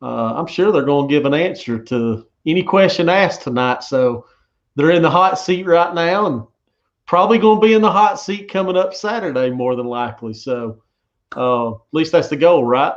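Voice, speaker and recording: A man hosts a live stream interview with anglers, chatting in a relaxed, folksy manner that loops back on itself. His voice comes through dull and lo-fi, like live stream audio. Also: on the high side, normal speed. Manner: relaxed, folksy, repeats himself. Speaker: host of a live fishing show.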